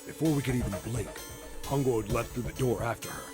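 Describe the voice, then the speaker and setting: A man's voice: mid-range voice, fast talker, loud music behind the voice. A man streaming and reading a visual novel aloud in plain narration. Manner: plain narration, swearing in asides.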